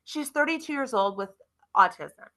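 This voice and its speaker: Podcast guest, woman, bright forceful voice, animated storyteller. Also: sits high, moderate pace, poor audio. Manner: animated, acts out quotes in lively voices. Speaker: guest, car club member. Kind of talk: casual interview storytelling.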